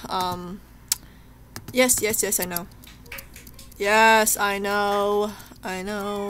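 A young woman comments on her own gameplay in a let's play, chatting to herself emotionally while so shaken she's close to tears. Her medium-pitched voice is fairly bright, with a little hiss or hum.

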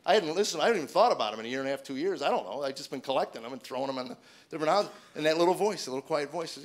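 A man's voice: a little high, rapid-fire. A man in his forties doing stand-up, telling a self-deprecating personal story and acting out the dialogue with his wife in shifting voices. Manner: self-deprecating, acts out dialogue in shifting voices, rises to excited near-shouts. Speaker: stand-up comedian. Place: stage before a live audience.

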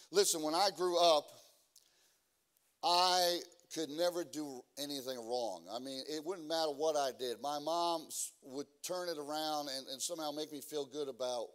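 A man preaching a sermon as a guest preacher. He stumbles through fillers and restarts, then builds to loud, emphatic preaching. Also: fairly high pitch. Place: church.

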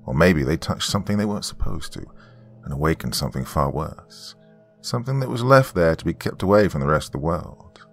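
A man narrating a horror story in an expressive, scripted storytelling way. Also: extremely low pitch, a little fast, gravelly. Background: faint background music.

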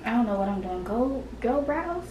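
A young adult woman co-hosting a casual chat, animated and questioning, recorded from a distance in an echoey room. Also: on the high side, normal speed, lo-fi sound. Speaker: co-host. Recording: echoey room, mic far off, noisy.

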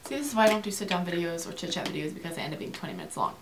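Young adult woman, chatty vlogger, low-ish voice, talks fast and rambles, faint background noise. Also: sing-song. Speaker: beauty vlogger. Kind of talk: casual chit-chat.

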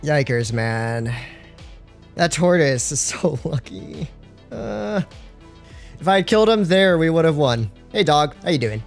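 A young man calls his own match live on stream in a slightly high, very lively voice that jumps around constantly. He's slangy and jokey, chatting with viewers between plays. Faint music plays underneath. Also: measured pace, creaky, pauses often. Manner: excitable, slangy, jokey, talks to chat. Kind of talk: live gameplay commentary.

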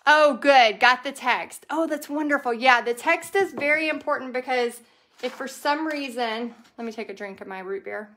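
Woman, Texas accent, high-pitched, rambling casual livestream chat. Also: moderate pace, fairly bright tone, echoey room. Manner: chatty, rambling, talks straight to viewers. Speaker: craft business teacher and livestream host.

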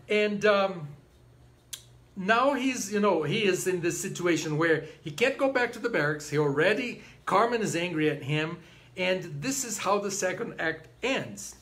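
A man with a high, lively voice gives an informal opera lecture. He acts out the characters as he tells the plot and breaks into short snatches of the arias. His pitch swoops up and down with the story. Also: a little slow. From Brazil.

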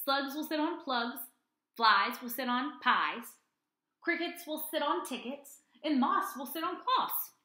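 A woman's voice: high-pitched, measured pace, sharp tone, roomy sound. A woman reading aloud as a boastful frog, rhyming in a sing-song way. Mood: playful. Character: cheerful boastful frog, rhyming know-it-all.

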